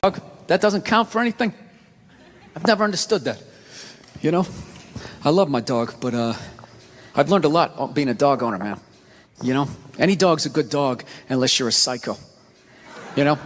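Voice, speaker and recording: A man doing a stand-up routine, ranting in an animated, profane way. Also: on the high side. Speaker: stand-up comedian. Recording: live venue reverb with faint noise.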